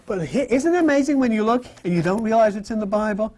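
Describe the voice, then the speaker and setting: A man giving a lively, conversational sermon to a live audience, acting out the voices he quotes. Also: sits high, quick pace. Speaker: spiritual teacher.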